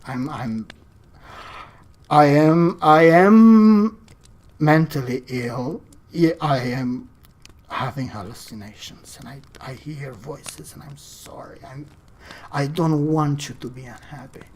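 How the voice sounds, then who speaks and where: A storyteller voicing a troubled scholar who talks haltingly, stumbling and restarting his words. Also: mid-range voice, darkish tone, a little hiss or hum, close to an everyday voice. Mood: remorseful. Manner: halting, stammering, many restarts. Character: troubled man, a scholar talking to a phantom.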